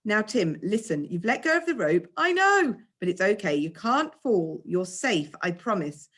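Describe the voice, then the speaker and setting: A woman's voice: medium pitch, big pitch swings, moderate pace, a bit bright. A woman reading aloud, voicing a patient, encouraging male climbing instructor who coaxes a frightened child. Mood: coaxing. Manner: coaxing, reassuring.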